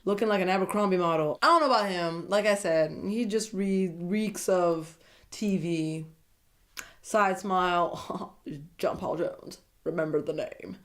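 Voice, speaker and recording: A woman recapping a reality dating show in a casual, chatty way, animated and gossipy, often breaking into giggles. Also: on the low side, unhurried.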